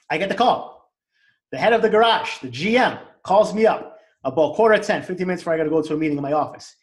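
A man with a Boston accent telling an angry story in casual chat, fast and profane. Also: on the high side.

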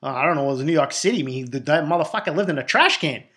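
A man's voice: a little high, lively intonation, rapid-fire, bright, forceful tone. A man, hosting a solo podcast in a rambling, profane, hyped-up way. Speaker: podcast host. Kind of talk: solo casual monologue.

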